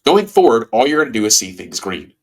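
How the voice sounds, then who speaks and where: A man hosting a podcast in a casual monologue, with a stuffy nose, talking in a folksy way with bursts of excitement. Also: medium pitch, a little fast, slightly rough. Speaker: podcast host.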